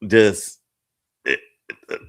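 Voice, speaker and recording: A middle-aged man hosting a casual group discussion, hesitant and self-mocking, joking his way through the topic. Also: extremely slow. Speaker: talk show host.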